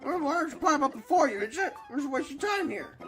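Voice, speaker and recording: A woman's voice: sits high, animated, quick pace, voice pushed up. Woman putting on a babbling old turtle mayor. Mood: rambling. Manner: loud, rambling, exclaiming. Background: game music.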